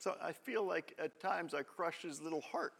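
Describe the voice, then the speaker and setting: A man's voice: a little high, normal speed, creaky, fairly bright tone, slight background noise. A man in his thirties preaching a sermon in a conversational way, often checking in with the congregation. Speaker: pastor.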